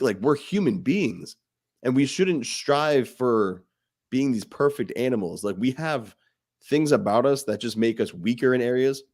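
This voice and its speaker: A man co-hosting a fatherhood podcast, talking with passion and emphasis and swearing freely. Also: medium pitch. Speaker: podcast co-host. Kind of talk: casual podcast discussion.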